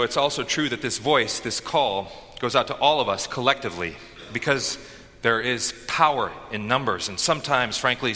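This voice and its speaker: Bright-voiced preacher in a reverberant church. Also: male voice, medium pitch. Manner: dynamic preaching with dramatic pauses and shouted call-and-response lines. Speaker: pastor. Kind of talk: sermon. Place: church sanctuary. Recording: long reverb of a church sanctuary.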